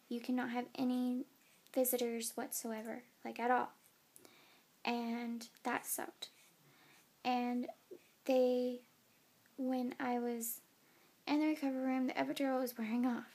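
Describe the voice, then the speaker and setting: A woman's voice: on the high side, little pitch movement, measured pace, long pauses, warm tone. A tired young woman and new mother recording a casual phone vlog, chatty with many fillers and yawning. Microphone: phone camera.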